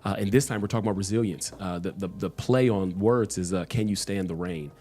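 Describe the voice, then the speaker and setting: Easygoing low-voiced young man. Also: fairly quick, darkish tone, breathy edge. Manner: easygoing, hesitant, many "uh" fillers. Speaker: guest. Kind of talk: casual chat.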